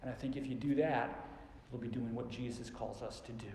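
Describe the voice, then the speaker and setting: A man preaching a sermon, slowing down and dropping his voice soft to stress key lines. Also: medium pitch, fairly even intonation, creaky, background noise. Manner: slows down and drops soft for emphasis. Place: church sanctuary. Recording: echoey church hall.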